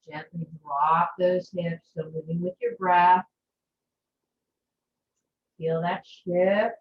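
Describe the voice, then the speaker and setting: A woman guides a yoga class over a video call with slow, gentle, soothing instructions. She sounds distant from the mic in an echoey room, and the audio is muffled with faint background noise. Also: on the low side, steady tone.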